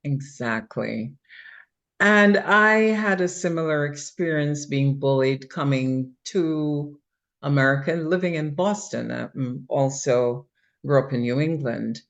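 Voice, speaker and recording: A woman with a Jamaican accent, co-hosting a talk show and telling lively stories in casual conversation. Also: deep voice, a little slow. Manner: lively storytelling with laughs. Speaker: co-host.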